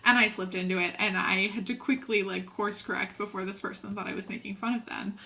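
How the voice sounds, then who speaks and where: A young woman guest chatting casually on a live stream, quick and anecdotal, laughing easily. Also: mid-range voice, fairly even intonation, sharp tone, a little hiss or hum. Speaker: guest co-host.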